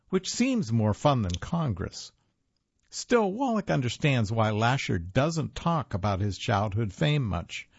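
Gravelly man reading his memoir, dry and wry. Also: mid-range voice, no echo. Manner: wry, deadpan humor. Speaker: author narrating his own book. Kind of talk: first-person memoir narration. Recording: dull, lo-fi, dry sound.

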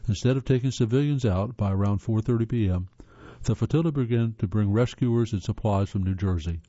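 Man, low dark voice, reading articles aloud, earnest, slightly dull lo-fi sound. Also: fairly quick, no room sound. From northern United States. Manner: earnest read-aloud delivery, occasional stumbles and restarts. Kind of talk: reading aloud with spoken asides.

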